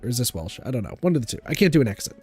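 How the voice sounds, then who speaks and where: A man streaming a role-playing game, making relaxed, mumbling asides while he plays. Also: mid-range voice, racing, slightly rough. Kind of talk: casual gameplay commentary. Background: game music.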